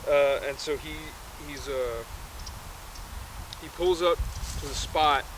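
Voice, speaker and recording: A man's voice: fairly high pitch, slow. Rambling man retelling a movie outdoors. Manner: rambling, constant self-corrections. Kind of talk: casual retelling of a film. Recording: noisy outdoor background.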